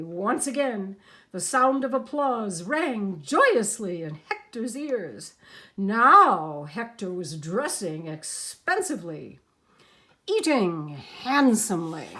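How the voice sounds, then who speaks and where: Woman reading a kids story out loud, slow and super expressive, voice bouncing all over. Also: medium pitch. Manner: expressive, animated. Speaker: storybook narrator. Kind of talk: reading a picture book aloud.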